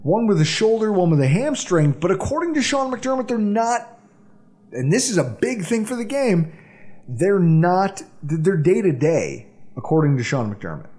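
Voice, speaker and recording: A man hosting a sports podcast, running through the game preview with animated, dramatic delivery. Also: sits high, moderate pace. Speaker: podcast host. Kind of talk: excited sports podcast banter.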